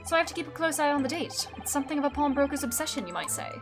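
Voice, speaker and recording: A woman's voice: high-pitched, expressive, very fast, over music. A woman voicing a precise, stubborn older male pawnbroker in a video game, speaking formally. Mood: fussy. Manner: formal, clipped pronouncements.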